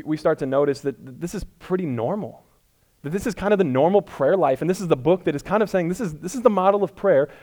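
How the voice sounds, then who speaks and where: A male pastor gives a relaxed, conversational sermon with a self-deprecating streak. He stays loose and chatty, then presses his points home with rising emphasis. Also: a little high. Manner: casual, self-deprecating, builds to emphatic peaks. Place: church room before a congregation.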